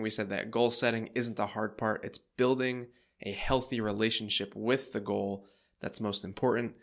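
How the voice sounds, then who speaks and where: A man's voice: mid-range voice, fairly bright tone. A man in his thirties with a congested, stuffy voice, hosting a podcast and talking listeners through an episode in a friendly, organized way. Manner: friendly, organized, faith-focused coaching tone. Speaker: podcast host. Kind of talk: casual podcast monologue.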